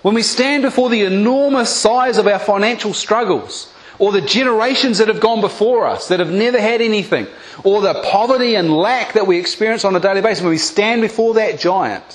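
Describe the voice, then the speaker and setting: A man delivers a sermon in a fairly high voice. He retells scripture with dramatic flair, voicing its characters before turning to speak plainly and urgently to his listeners. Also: brisk. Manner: animated storytelling, acting out biblical voices. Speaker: preacher.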